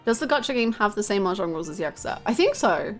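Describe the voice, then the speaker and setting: A woman chats casually on her live gaming stream, mid-pitched and self-mocking as she answers chat aloud. She talks into a desk microphone, and faint game music plays behind her. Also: very animated, quick pace.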